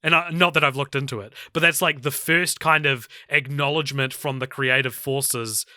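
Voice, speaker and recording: A man's voice: mid-range voice, fairly even intonation, normal speed, pushed and bright, no echo, clean studio sound. A man co-hosting a casual film podcast, chatty and jokey, laughing often. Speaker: podcast co-host.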